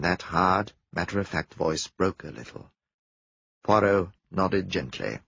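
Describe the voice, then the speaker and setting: A man narrating an audiobook in a steady storytelling read. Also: sits low, a little slow, vocal fry, slightly rough, no room sound, lo-fi sound. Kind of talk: scripted narration.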